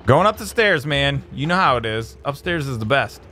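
A man hosting a let's play, giving excitable, jokey gameplay commentary that jumps to high exclamations. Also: normal speed, soft background music.

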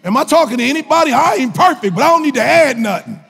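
A male minister preaching a sermon in a colloquial, joking style, with impassioned shouts and repeated phrases. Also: extremely high pitch, lively intonation, fast, gravelly, a little hiss or hum. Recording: long reverb of a large hall.

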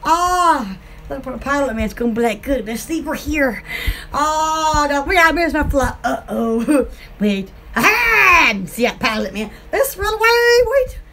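High squeaky lady rambling slow and giggling, faint ambience behind. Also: very animated, fairly bright tone. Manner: giggly, acts out silly scenes. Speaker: channel host. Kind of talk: rambling playful monologue.

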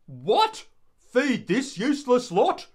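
A man's voice: wildly swooping pitch, takes it slowly, husky, heavily acted. A man voicing the apostle Peter as a resentful, blunt complainer, raised and exasperated. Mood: indignant. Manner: exasperated, loud and raised in pitch.

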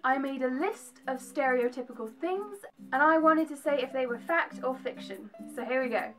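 A woman's voice: high-pitched, moderate pace, faint music behind. Chatty young English woman vlogging. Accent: English with slight American twang. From England. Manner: chatty, animated, jokey asides. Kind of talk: casual chat to camera.

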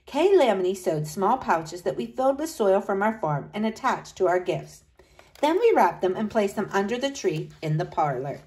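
A woman reading a children's Christmas story aloud, with lively delivery and high excited lines for the children. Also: moderate pace, low-quality recording. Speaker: storybook narrator. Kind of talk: storybook read-aloud narration.

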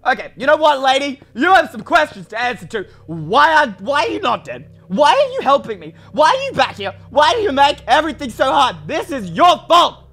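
A young man commentating a game for his channel, excitable and ranting at what happens on screen. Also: extremely high pitch, brisk, vocal fry, hardly any pauses. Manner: excitable, shouts and rants at the game. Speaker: gaming YouTuber. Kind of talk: Minecraft let's play commentary.

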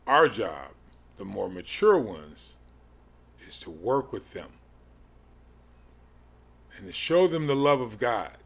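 A man in his forties teaching a Bible study in a slow, halting way, with many pauses and restarts. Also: lowish voice, big pitch swings, gravelly, husky. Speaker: podcast teacher.

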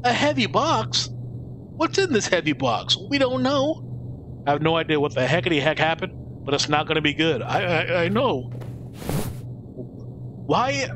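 A man streaming a video game, talking to chat with excitable, swearing commentary. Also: on the high side, moderate pace, long pauses, background noise. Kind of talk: live gameplay commentary.

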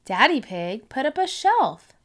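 Woman reading as a gentle mother pig. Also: sits high, sing-song, measured pace, voice pushed up. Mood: reassuring. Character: calm, patient mother pig.

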